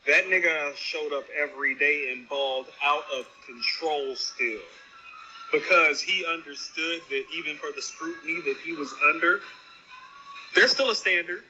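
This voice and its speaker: A man's voice: a little high, normal speed, soft background music. A man co-hosting a casual talk show over a remote call, talking emphatically and repeating himself for weight. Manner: emphatic, animated, repetitive. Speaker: podcast co-host on a remote call. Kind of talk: casual hip-hop discussion. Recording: dull echoing remote line with faint noise.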